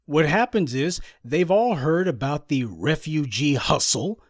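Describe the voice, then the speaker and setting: A man with a fairly high voice delivers sarcastic political commentary, sliding into mocking imitations. The sound is dry and close, with no room around it. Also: lively intonation, unhurried, no room sound. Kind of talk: monologue commentary on news clips.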